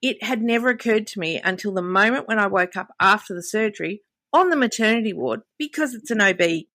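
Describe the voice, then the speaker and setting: A woman's voice: medium pitch, animated, brisk, pushed and bright, no echo. A woman in her fifties, chatting candidly on a podcast and telling stories full of quoted dialogue. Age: 50s. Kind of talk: casual podcast conversation.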